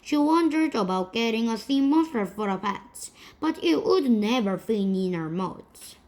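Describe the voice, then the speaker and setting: Slow, careful woman reading a storybook. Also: fairly high pitch, expressive, darkish tone. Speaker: storybook reader. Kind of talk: children's storybook read-aloud.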